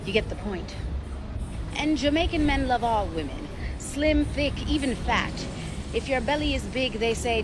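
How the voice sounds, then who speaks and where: Confident woman giving cheeky advice. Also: fairly high pitch. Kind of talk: comedic advice to camera. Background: music.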